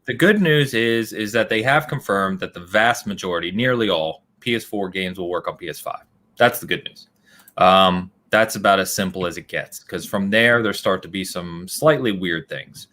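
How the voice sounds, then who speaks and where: A man's voice: deep voice, moderate pace, sharp tone. A man co-hosting a podcast, talking casually and animatedly, laughing often and thinking aloud with fillers. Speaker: podcast co-host.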